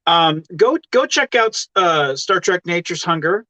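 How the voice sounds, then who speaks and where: A man's voice: high voice, lively intonation, unhurried, pushed and bright, no room sound. A man hosting a casual chat show on a video call, laid-back and swearing casually. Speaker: host. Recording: dull lo-fi audio.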